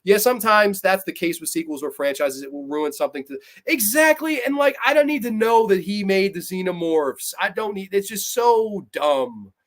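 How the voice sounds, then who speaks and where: A young man hosting a livestream, reviewing films and reading chat comments aloud. His voice sits a touch high for a man. He talks bluntly and profanely, swings from groans to laughing rants, and mocks characters in quick put-on voices. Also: lively intonation, a bit bright. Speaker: host.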